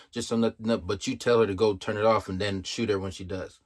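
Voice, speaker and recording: A man's voice: on the low side, fairly even intonation, fast talker, few pauses. A young man giving casual, emphatic commentary, exasperated and full of rhetorical questions.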